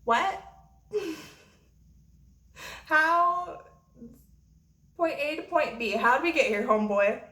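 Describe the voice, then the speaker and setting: A woman's voice: sits high, animated, slow pace, pauses often, pushed and bright. A woman vlogger telling a story in a blunt, profane way. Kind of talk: storytime vlog. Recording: roomy echo.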